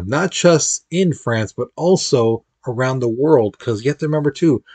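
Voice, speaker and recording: A man gives a relaxed history lecture, talking casually and slipping into playful voices when he quotes people. His voice sits in a middle range and the recording is close and dry, with no room echo. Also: mid-range voice. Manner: informal, chatty, acts out quotes with playful voices. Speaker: history teacher.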